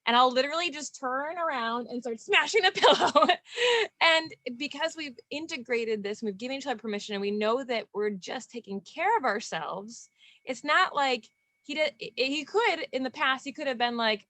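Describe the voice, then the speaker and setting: A woman hosting a video interview, speaking candidly in a loose, animated way and laughing often. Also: high voice, moderate pace, no room sound. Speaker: podcast host and relationship coach. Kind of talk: casual video interview chat.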